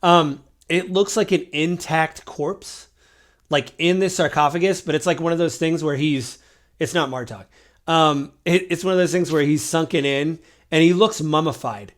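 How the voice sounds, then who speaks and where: A man's voice: fairly high pitch, normal speed. A man running a tabletop game as game master, narrating loosely with lots of fillers. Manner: loose, rambling, full of fillers.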